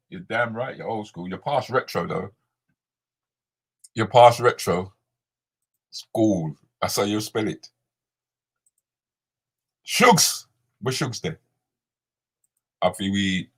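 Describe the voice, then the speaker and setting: This guy, a comedian moderating a live chat, is heard mixed in, his bright, forward, mid-range voice ribbing everyone as he reads comments on a casual stream. He banters with viewers by name and drifts into Jamaican patois.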